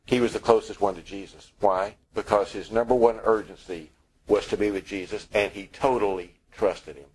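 A man's voice: on the low side, steady tone, moderate pace, slightly rough, low-quality recording. A man preaching a sermon in a conversational, wry way, acting out the lines he quotes.

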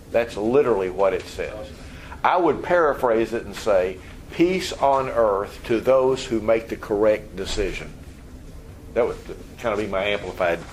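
Man, pastor, bible teaching, animated storytelling, slight background hiss. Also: fairly low pitch, poor audio. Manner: animated, acts out scenes.

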